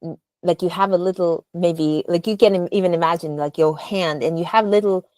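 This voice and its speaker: A woman's voice: fairly low pitch, steady tone, darkish tone, dry recording. A woman leading a speech workshop, explaining intonation and acting out example sentences with exaggerated rises. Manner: halting, with many fillers and restarts. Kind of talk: spoken lesson on intonation.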